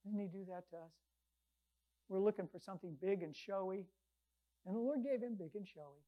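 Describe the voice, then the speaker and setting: A woman preaching a conversational sermon, retelling scripture stories with lively quoted voices. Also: mid-range voice, a little fast, muffled recording.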